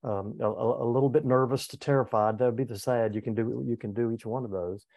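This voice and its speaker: A man's voice: mid-range voice, steady tone, quick pace, vocal fry, a little mellow, no echo. A man in his seventies, a former pastor, telling a personal story in an earnest, candid way with frequent restarts. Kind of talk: reflective personal storytelling in conversation.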